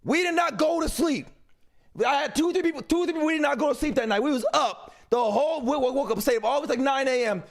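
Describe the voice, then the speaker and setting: A male streamer talking loudly and emphatically over a clip, swearing as he goes. His voice sits very high for a man and has a gravelly edge. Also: quick pace. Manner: loud, emphatic, swearing, interrupting. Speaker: streamer host. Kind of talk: live stream commentary.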